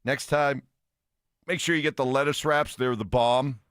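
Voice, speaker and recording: A man co-hosting a casual sports talk radio show, animated and quick with jokes. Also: mid-range voice, smooth, no echo, clean studio sound. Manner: animated, quick jokey back-and-forth. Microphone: studio broadcast mic.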